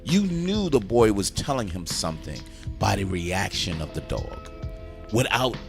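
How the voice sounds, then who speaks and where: A man's voice: on the low side, big pitch swings, measured pace, gravelly, soft background music. A man hosting a casual movie review chat, enthusiastically retelling scenes and swearing freely.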